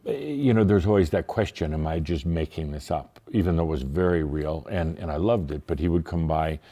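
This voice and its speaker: A man's voice: extremely low pitch, fairly quick, mellow. A middle-aged man from the United States, a guest in an interview, telling a personal story in a reflective, hesitant way with many fillers.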